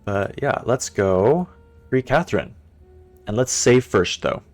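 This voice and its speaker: A man's voice: medium pitch, lively intonation, takes it slowly, faint music behind. A man streaming a puzzle game, chatting casually with his viewers and thinking aloud as he plays. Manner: chatty and playful, answers chat, thinks aloud. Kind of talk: casual live-stream commentary.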